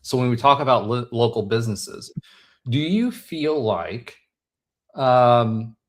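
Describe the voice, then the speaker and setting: A man's voice: mid-range voice, lively intonation, takes it slowly. A man hosting an interview show, laying out a point before asking his question. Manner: conversational, explaining before asking. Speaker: podcast host.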